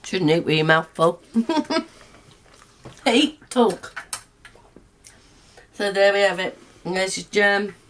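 A woman's voice: fairly low pitch, fairly even intonation, moderate pace, a bit bright, a little hiss or hum. A middle-aged woman hosting a home baking video, chatting casually and laughing often. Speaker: cooking vlog host.

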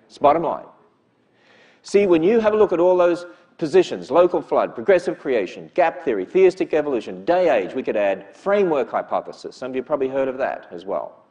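A man speaks to a church audience in a lecture style. His voice sits a bit high and swings widely in pitch as he presses each point. He keeps tossing rhetorical questions back at the listeners. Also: very animated, brisk, mellow. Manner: emphatic, with frequent rhetorical questions.

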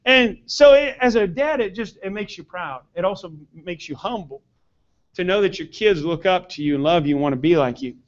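A man preaching in a church, his voice pitched high for a man and carried with earnest, rising emphasis on his key points. The recording is dull and lo-fi, with a muffled church-sound quality. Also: lively intonation, normal speed. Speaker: pastor. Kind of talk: sermon. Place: church sanctuary.

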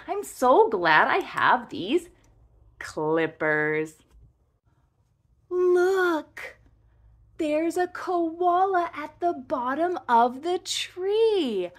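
A young woman teaching toddlers to talk, over-articulating each word and pausing for the child to repeat. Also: high voice, big pitch swings. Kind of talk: slow, exaggerated speech lesson for toddlers.

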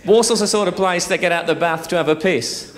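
A man's voice: high-pitched, a little fast. A man with a Birmingham accent doing live stand-up in a theatre, chatty and bawdy, bantering with the front row. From West Midlands, England. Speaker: stand-up comedian. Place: theatre stage before a live audience. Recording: live theatre with loud audience laughter.

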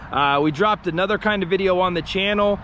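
Man, excitable, swears a lot, high voice, outdoor camera mic, faint traffic. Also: a little fast. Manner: excitable, swears freely, chatty asides. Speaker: paranormal explorer vlogger. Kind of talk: walking vlog narration to the camera.

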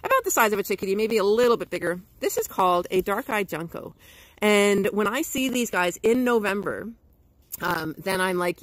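A woman's voice: medium pitch, expressive, normal speed, no room sound, low-quality recording. A woman educator giving a playful livestream nature lesson to schoolchildren. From Canada. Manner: bubbly, playful, imitates bird calls.

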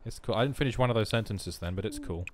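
Young man, casual gameplay commentary, wry asides, lively up-and-down voice. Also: on the low side, quick pace. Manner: chatty, wry, self-mocking asides. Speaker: let's play host.

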